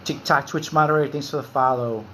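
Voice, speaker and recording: A man's voice: mid-range voice, steady tone, fast talker, pushed and bright, slight background noise. A man in his forties hosting a casual livestream, loose and candid, swearing and reading out viewer comments. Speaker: livestream host.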